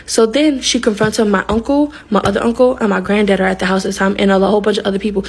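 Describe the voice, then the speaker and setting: A woman telling a personal story in a casual, candid storytime, blunt and animated, sometimes swearing. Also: mid-range voice, quick pace, breathy edge. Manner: animated, indignant retelling.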